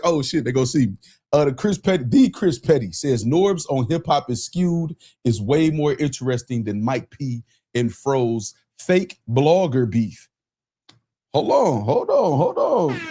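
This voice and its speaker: A man hosting a casual livestream, excitable and profane, shouting out chat and repeating himself. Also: a little high. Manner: profane, laughing. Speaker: livestream host.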